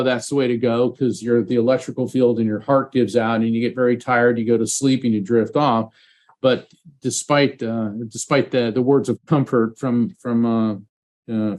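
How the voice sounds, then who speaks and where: A former trial lawyer turned psychic medium, speaking as an interview guest, tells a personal story earnestly and with animation. He talks at an ordinary pitch and frequently starts his phrases over.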